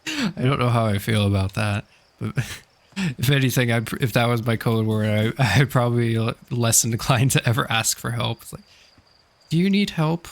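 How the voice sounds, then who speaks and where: A man's voice: medium pitch, steady tone, moderate pace. Laid-back man streaming a game. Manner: chatty, laughs often, talks to chat. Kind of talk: casual live-stream chat while gaming.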